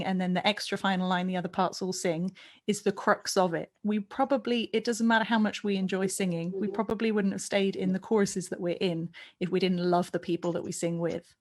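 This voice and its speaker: A woman coaching a barbershop chorus over a video call, talking through expression line by line and singing short example phrases. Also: mid-range voice. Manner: warm, encouraging, sings and speaks example lines. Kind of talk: online singing workshop.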